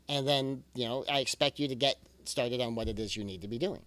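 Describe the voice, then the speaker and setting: A man's voice: medium pitch, brisk, hardly any pauses, fairly bright tone, no echo. A man giving a recorded parenting talk in an earnest, reassuring way, often repeating key phrases for emphasis. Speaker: parenting coach.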